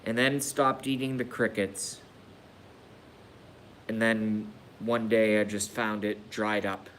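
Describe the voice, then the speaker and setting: A man talks on a live stream in a low, unhurried voice, pausing often, sighing and swearing as he goes. He sounds emotional and grieving. A faint rumble of noise sits under the recording. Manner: slow, halting talk with sighs and swearing. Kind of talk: casual live-stream rant.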